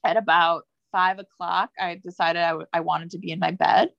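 Guest: young woman, low gravelly voice, chatty storyteller, dry dull lo-fi recording. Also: moderate pace, dry recording. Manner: chatty, many fillers, lively when quoting herself. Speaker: podcast guest. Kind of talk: casual personal storytelling.

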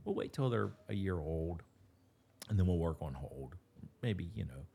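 Gravelly low Appalachian man. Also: lively intonation, normal speed, warm tone. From West Virginia. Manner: folksy, rambling with repeated restarts. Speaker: guest bird dog trainer. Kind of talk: casual interview talk.

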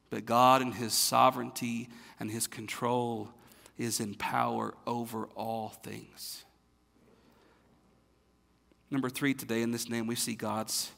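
A man preaching a sermon as pastor, stressing and repeating phrases with big swings between loud and soft. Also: mid-range voice, gravelly, big-room sound. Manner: emphatic, repeats phrases with sharp swings in loudness.

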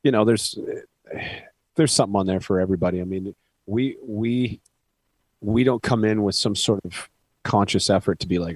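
A man with a lowish voice tells stories in a relaxed interview. He jokes at his own expense and keeps things casual. The sound is dry and close. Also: fairly quick, no echo. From Canada. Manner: joking, self-deprecating storyteller. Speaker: band vocalist, guest.

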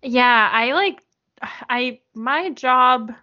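A woman's voice: high-pitched, lively intonation, drawn-out words. A woman chatting casually, rambling with lots of filler words and frequent laughs. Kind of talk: casual chat. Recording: dull lo-fi sound.

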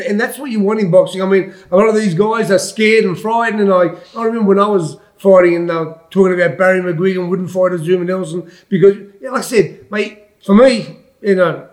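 In a casual interview, a former boxer appearing as a guest pundit, an Australian man in his sixties with a high voice, speaks bluntly and loosely. He wanders from point to point and calls everyone "mate".

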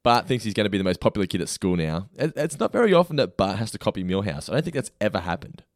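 Male podcast host, thirties, casual, low and animated, dry mic. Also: fast talker, no echo. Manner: chatty, laughs easily, stumbles over words. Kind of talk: casual chat.

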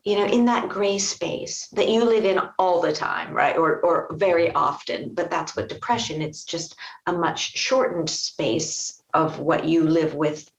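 Gentle woman host, earnest, distant from the mic, dull roomy sound. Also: on the low side, a little slow, vocal fry. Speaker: podcast host. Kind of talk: empathetic interview conversation.

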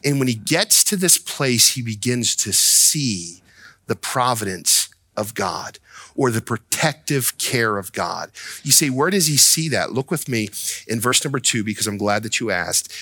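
Emphatic preaching man, bright dry voice. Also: medium pitch, expressive, unhurried, no echo. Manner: emphatic preaching, rising to near-shouts when voicing the prophet. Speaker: pastor. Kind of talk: sermon.

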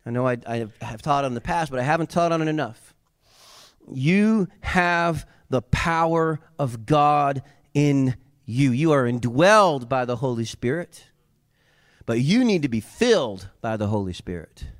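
Impassioned preacher, dry and close. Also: male voice, mid-range voice, expressive, unhurried, no room sound. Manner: impassioned, builds to loud emphatic peaks; conversational asides with humor. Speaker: pastor. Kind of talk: sermon.

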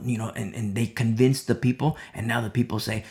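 A man's voice: mid-range voice, level tone, a little fast, hardly any pauses, a little mellow. A man giving a conversational verse-by-verse sermon as a Bible teacher. He is emphatic, repeats key phrases and drops many "you know" asides.

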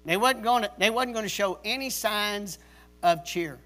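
During a church service, a male preacher with a sharp, high-pitched voice speaks at normal speed. Stern and emphatic, he drives home key words by repeating them like a drill sergeant.

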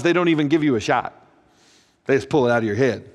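A middle-aged man, a pastor, telling funny stories in a sermon with a deadpan, self-mocking delivery, acting out both sides of conversations. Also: mid-range voice, fairly quick, pauses often. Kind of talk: humorous sermon storytelling. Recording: long reverb of a large hall.

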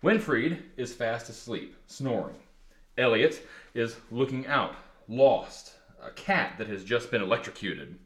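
Man from the Deep South hosting, animated pitch, self-mocking, echoey room. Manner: laughing, rambling, self-mocking. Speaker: podcast host. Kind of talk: casual chat and play introduction. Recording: roomy echo.

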